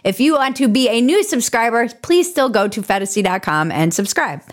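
Woman host, irreverent comedy commentary, fairly high voice, sarcastic. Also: animated, brisk.

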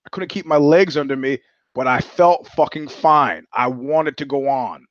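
A man with a mid-range voice speaks at normal speed, hosting a podcast with stories told in a blunt, profane, rambling way and many restarts. There's no room sound, and the highs are cut off.

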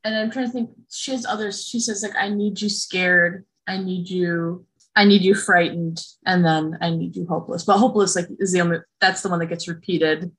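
A woman chatting casually about a film with a co-host. She talks in an animated way, laughs often and slips into quick impressions of the characters. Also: on the low side, husky. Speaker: podcast co-host discussing a film. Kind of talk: casual chat.

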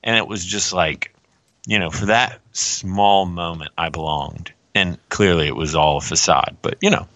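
A man's voice: sits low, moderate pace, fairly bright tone, no echo, dull audio. A man co-hosting a podcast, telling stories in a wry, self-deprecating, casual way. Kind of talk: casual chat.

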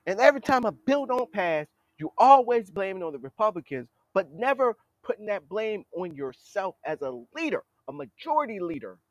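A man with a high, very animated voice delivers a blunt political commentary monologue. He talks straight at the leaders he criticizes, in a scolding tone. The sound is dry and close. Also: no echo. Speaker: podcast host.

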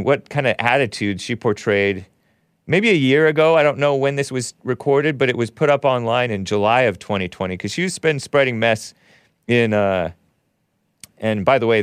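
A man's voice: mid-range voice, clear, resonant tone, dry recording, clean studio sound. Blunt, scornful man hosting call-in radio. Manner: blunt, combative, scornful, with short dismissive laughs. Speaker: call-in radio show host. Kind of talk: call-in talk radio monologue.

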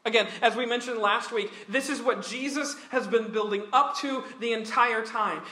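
A man's voice: extremely high pitch, bright, forceful tone. A man preaching a Bible study sermon, talking earnestly and emphatically, with some restarts. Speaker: pastor.

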